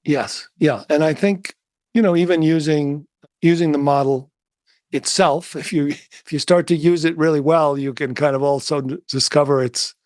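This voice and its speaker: A soft-spoken man of middle age recalls and reflects, trailing off and restarting as he searches for words. His voice sits a little high for a man, and the sound is dry, with no room around it. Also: fairly even intonation, moderate pace, dry recording. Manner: soft-spoken, musing, many fillers and restarts. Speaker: interview guest, meditation teacher. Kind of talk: reflective storytelling.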